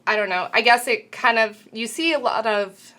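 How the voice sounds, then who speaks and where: A woman's voice: fairly high pitch, moderate pace, pushed and bright. A woman co-hosting a casual panel talk show, earnest and thoughtful, with many filler words. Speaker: co-host.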